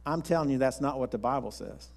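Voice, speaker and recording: A man's voice: mid-range voice, fast talker, vocal fry, a little mellow. A man pastor, preaching a sermon in a folksy, rambling storytelling way with frequent restarts.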